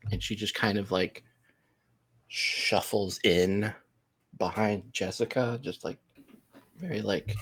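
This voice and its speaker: Low-voiced guy gm-ing a tabletop rpg, slow and rambly, lots of ums. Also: gravelly. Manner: unhurried, rambling, full of ums and likes. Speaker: game master. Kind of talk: narrating a tabletop game.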